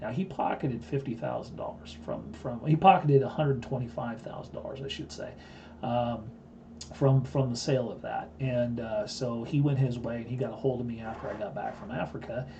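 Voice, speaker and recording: A man in his fifties with a gravelly, dark voice that sounds rough at the edges. He talks to his live-stream viewers in a blunt, boastful way, full of asides and restarts, and the audio has a dull, lo-fi quality. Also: mid-range voice, animated, normal speed, slight background noise. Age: 50s. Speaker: live-stream host and trading teacher. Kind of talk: casual live-stream storytelling.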